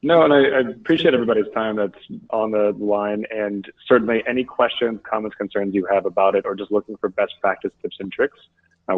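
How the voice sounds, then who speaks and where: A man's voice: fairly low pitch, no room sound. A man speaking as a guest on a webinar, his voice nasal and stuffy from allergies. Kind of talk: webinar talk over the phone. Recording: tinny phone line, dry.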